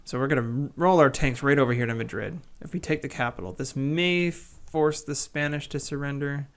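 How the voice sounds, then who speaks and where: A man's voice: mid-range voice, moderate pace. A man giving casual, wry play-by-play commentary on a strategy game he is playing. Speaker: gaming channel host.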